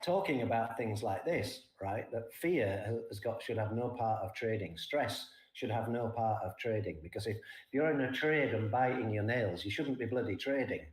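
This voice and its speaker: An older man giving plain, casual market talk as a trading guest, often ending his points with a quick "right?". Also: on the low side, expressive. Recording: echoey room.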